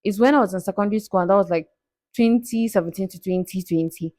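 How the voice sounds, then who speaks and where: A woman's voice: mid-range voice, fast, mellow, no echo, studio quality. A young woman, answering viewer questions in a candid, playful way that breaks into frequent laughs. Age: 20s. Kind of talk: casual Q&A vlog.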